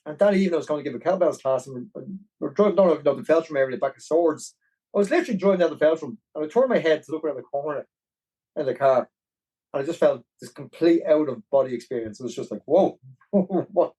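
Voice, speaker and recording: A man with a Dublin Irish accent, a podcast guest telling a long story in a rambling, animated way. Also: a little high, fast talker, slightly rough, low-quality recording. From Ireland. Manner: animated, rambling, with many restarts. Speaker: podcast guest, marathon runner. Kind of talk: casual storytelling.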